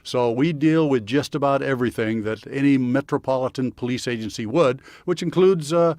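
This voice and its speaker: A man, a sheriff speaking calmly and matter-of-factly as a podcast guest. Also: medium pitch, moderate pace, no room sound, studio quality. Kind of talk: podcast interview. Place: studio.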